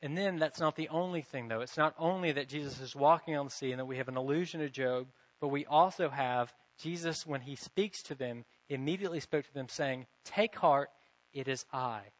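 A man's voice: on the high side, fairly quick, hardly any pauses, poor audio. A man teaching a Bible lesson, reading passages aloud and explaining them with occasional self-corrections. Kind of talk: lecture reading and explaining scripture.

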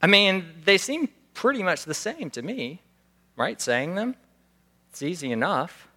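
Bright-voiced male pastor preaching. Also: sits high, big pitch swings, a little slow. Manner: conversational, acts out scenes with raised voice. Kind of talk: sermon.

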